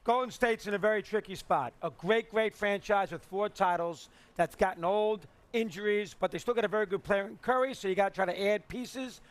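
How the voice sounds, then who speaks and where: Blunt, higher-voiced man analyst. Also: fairly quick, few pauses. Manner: blunt, repeating for emphasis. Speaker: sports analyst. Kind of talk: sports talk opinion.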